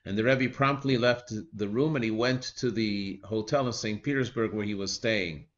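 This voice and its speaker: A man retelling a religious teaching story in a measured, earnest way, pausing often with small fillers. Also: on the low side, dull audio.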